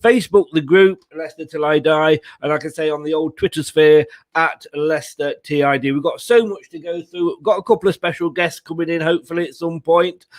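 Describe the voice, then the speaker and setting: A man's voice: on the high side, fairly even intonation, brisk, few pauses. A man hosting a football fan channel's live stream, casual and chatty, laughing often as he talks.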